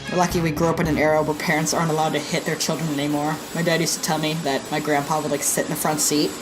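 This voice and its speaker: A woman's voice: deep voice, level tone, very fast, music in the background, rough recording. A woman hosting a reaction video, giving casual, sarcastic commentary with frequent giggles.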